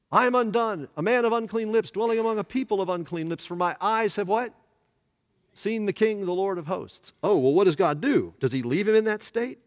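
A man's voice: high-pitched, long reverb tail. A man teaching a church Bible study, asking the room questions as he goes. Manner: animated, asks the room questions. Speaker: pastor.

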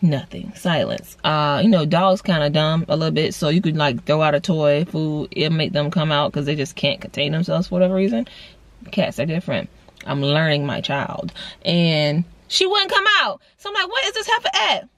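Young woman in her twenties, casual storytime vlogger, lively voice jumps, dry close sound. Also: low-pitched, moderate pace, dry recording. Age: 20s. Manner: animated storytelling with big voice jumps for quoted lines; casual slangy talk, addresses viewers as y'all. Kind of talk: storytime vlog.

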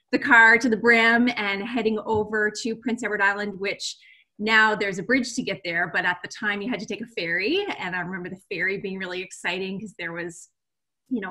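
A woman from the east coast of Canada, a panelist calmly reminiscing in casual chat. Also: medium pitch, low-quality recording. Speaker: panelist, cruise development manager.

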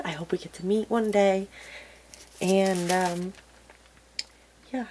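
A woman hosting a crafting channel, chatting casually to viewers in a soft, gushing way that often drops to a murmur. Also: mid-range voice, steady tone, slow pace, a little hiss or hum, poor audio. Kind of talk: casual unboxing chat to viewers.

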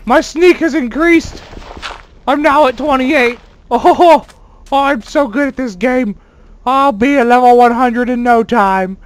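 A man doing let's play commentary as a gaming host, excitable and quick to swear, yelling at sudden scares and bragging playfully. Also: very high-pitched. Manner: playfully boastful.

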